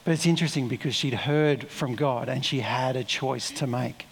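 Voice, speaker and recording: A man's voice: medium pitch, normal speed, vocal fry, big-room sound, slight background noise. A man preaching a sermon in a conversational, reflective way, with asides and self-corrections.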